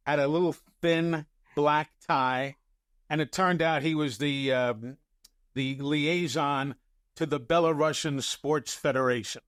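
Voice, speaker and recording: An older man who works as a sports broadcaster tells stories casually and with animation, often chuckling. His voice sits somewhat high for a man. The recording is dry and close. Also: dry recording. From New York area. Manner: animated anecdotes, chuckling, quoting himself. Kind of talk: casual storytelling on a podcast.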